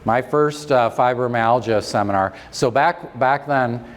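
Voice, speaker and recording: A middle-aged man, a chiropractor, telling a story at a convention seminar in a joking, self-deprecating, animated way. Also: mid-range voice, measured pace. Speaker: chiropractor giving a seminar talk. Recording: long reverb of a large hall.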